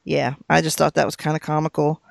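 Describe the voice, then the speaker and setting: Easygoing podcast co-host with a gravelly, dry-sounding voice, leading a relaxed chat through set questions. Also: mid-range voice, brisk, dry recording. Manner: easygoing, asks numbered questions, chuckles often. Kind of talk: casual discussion of a TV episode.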